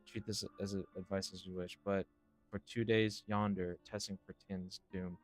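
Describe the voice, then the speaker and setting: A cryptic seer who speaks in slow, archaic riddles, as a man puts him on. The voice is low and hushed, well below normal speaking level, with faint game music under it. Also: flat delivery, close to an everyday voice. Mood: ominous. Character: cryptic male seer, solemn and ominous.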